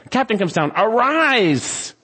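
A man's voice: a little high, expressive, normal speed, a bit bright, long reverb tail. A male pastor preaching an expository sermon in an emphatic way, putting many rhetorical questions to his congregation.

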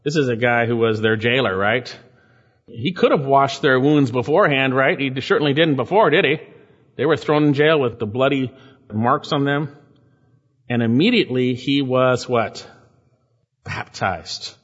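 A man preaching a sermon, reading scripture aloud and stopping to ask his listeners questions. His medium-pitched voice carries a long reverb from a large church hall. The recording is dull and lo-fi. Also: moderate pace, a bit bright. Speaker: pastor. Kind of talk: expository sermon.

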